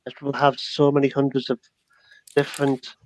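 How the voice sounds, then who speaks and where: A man's voice: medium pitch, monotone, normal speed, darkish tone, rough recording. A man with a Geordie accent from North East England chatting casually, hesitant and full of restarts. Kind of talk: casual chat.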